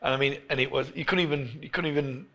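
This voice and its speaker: A middle-aged English man, a football coach being interviewed, who tells stories in an animated way and often restarts his phrases. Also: medium pitch, quick pace. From England. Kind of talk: storytelling interview.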